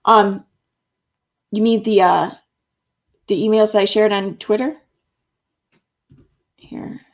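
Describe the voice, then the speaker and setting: A woman's voice: mid-range voice, fairly even intonation, slow. A woman hosting a casual livestream, rambling and reading chat comments aloud, with the odd curse word. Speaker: livestream host.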